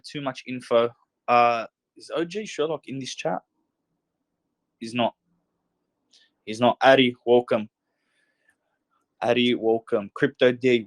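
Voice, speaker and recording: Excitable young man hosting a livestream. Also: medium pitch, no room sound. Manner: excitable hype, says he gets pumped and could start yelling. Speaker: podcast host. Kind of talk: casual live talk show.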